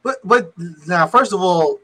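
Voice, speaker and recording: A man's voice: high voice, expressive, a little slow, pushed and bright, slight background noise, poor audio. A man on a podcast arguing his point emphatically, stumbling and repeating words. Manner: emphatic, repeats himself, lectures. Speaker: podcast co-host. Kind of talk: casual chat.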